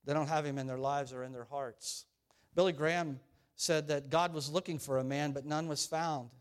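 A man preaching a sermon, animated and storytelling, rising and falling in volume. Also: a little high, moderate pace, smooth. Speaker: pastor.

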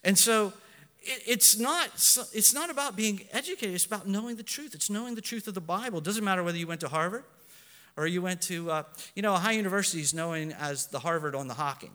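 A man preaching a sermon in earnest, swinging between soft asides and loud emphatic lines, correcting himself as he goes. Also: high voice, quick pace, long reverb tail. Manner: self-correcting, with fillers.

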